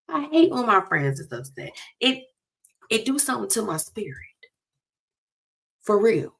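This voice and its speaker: A woman hosting a radio talk show, chatting in a lively, casual way and speaking straight to her listeners. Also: on the high side, normal speed, creaky, long pauses. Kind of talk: casual chat segment.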